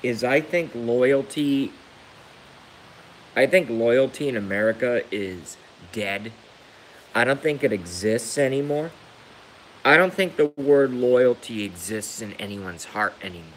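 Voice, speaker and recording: A man on a live stream delivers a heated personal rant in a voice of ordinary pitch. He keeps circling back, repeating phrases for emphasis, with a light hiss in the background. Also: animated, measured pace, low-quality recording. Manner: emphatic and repetitive, hammering points home. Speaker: livestreamer.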